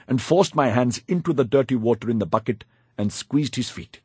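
A man's voice: mid-range voice, normal speed, darkish tone, slightly rough, no room sound. A man narrating a first-person audiobook in a wry, confiding storytelling manner, on a close studio mic.

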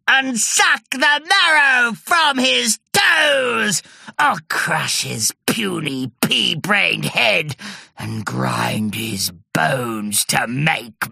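A woman's voice: a bass voice, expressive, drawn-out words, gravelly, sharp tone, slightly rough, no echo, studio quality, voice pushed down, heavily acted. A woman voicing a sneaky, gloating female sea monster with a gurgling voice, in a storybook reading. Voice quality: gurgling, gloating, sing-song menace.

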